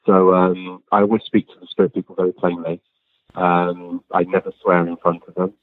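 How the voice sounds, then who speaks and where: In a completely flat delivery at normal speed, a low-voiced man who is a physical medium tells conversational stories as an interview guest. He talks earnestly and plainly, often stumbling with ums and restarts, over a tinny, dry phone line with no room sound.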